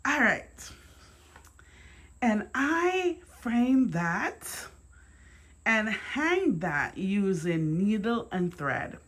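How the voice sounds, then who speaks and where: A woman with a Jamaican accent, chatting to camera in her dining room as a home decor vlogger, repeating words and breaking into excited exclamations. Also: medium pitch, very slow, pauses often. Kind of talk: casual chat to camera.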